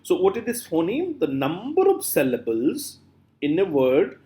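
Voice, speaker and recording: Lecturing man with a lively pitch. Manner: repeats words slowly to drill pronunciation, many fillers. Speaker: literature lecturer. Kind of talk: classroom lecture.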